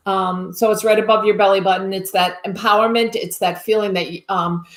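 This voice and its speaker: A woman's voice: mid-range voice, steady tone, a little fast. A woman working as a psychic medium, giving a live reading in a tentative, reassuring way and often checking whether she has things right.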